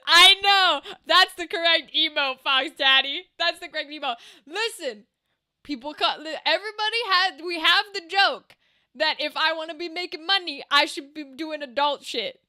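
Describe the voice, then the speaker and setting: A woman's voice: high voice, normal speed, sharp tone. A woman streamer chatting casually with her live audience, swearing freely and laughing often.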